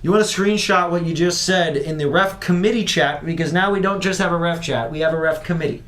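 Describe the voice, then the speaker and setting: High-pitched guy hosting a podcast, blunt and to the point. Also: fairly bright tone. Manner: brisk, blunt, steers the segments. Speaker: podcast host. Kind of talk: casual podcast banter.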